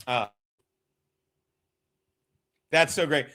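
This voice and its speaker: A loose, laughing man hosting a livestream, rambling and often losing his thread. His voice is bright and gravelly and swings up and down in pitch. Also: lively intonation, normal speed. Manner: rambling, laughing, loses his train of thought. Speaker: comedian hosting a livestream show. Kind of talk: casual livestream chat with chat shout-outs.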